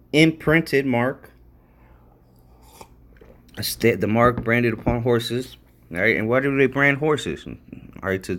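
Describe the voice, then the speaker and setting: Rambling man reading scripture notes. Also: on the low side. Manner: repetitive, rambling, frequent "all right?" checks; grows emphatic and excited while reading out definitions. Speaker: religious video commentator. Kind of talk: casual Bible study commentary.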